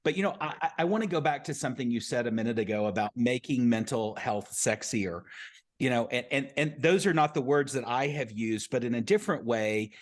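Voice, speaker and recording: Man, mid-pitched voice, podcast host, earnest, reflective. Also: a little fast. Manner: earnest, reflective, repeats words. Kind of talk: podcast interview.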